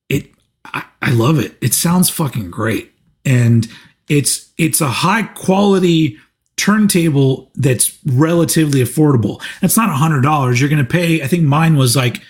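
Rambling, swearing man, slightly high voice. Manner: rambling, profane, storytelling with restarts. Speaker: channel host. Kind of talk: casual livestream Q&A.

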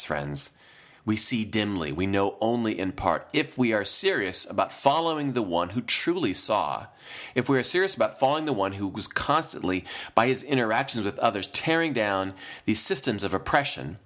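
A man's voice: on the low side, a bit bright. A man preaching a sermon, earnest and reflective, often restarting his phrases. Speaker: pastor.

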